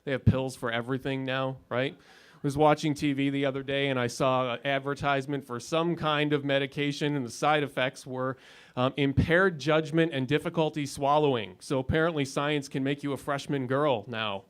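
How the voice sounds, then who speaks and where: A man's voice: medium pitch, steady tone, normal speed, smooth. A man in his thirties doing a stand-up comedy set in a club lounge, with a dry, sardonic delivery and punchlines that build up. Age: 30s.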